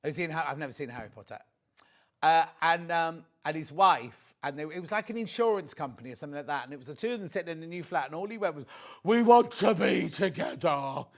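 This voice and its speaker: A man presenting a live TV shopping demo, chatty and excitable, gushing over the products and chatting with viewers and crew. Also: fairly high pitch, fast talker.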